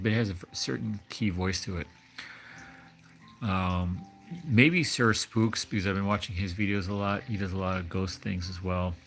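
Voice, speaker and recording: A man hosting a casual livestream, rambling and hesitant, often restarting his thoughts. His voice sits low, with a faint hiss of noise behind it. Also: a bit bright. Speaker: livestream host. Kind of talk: casual chat.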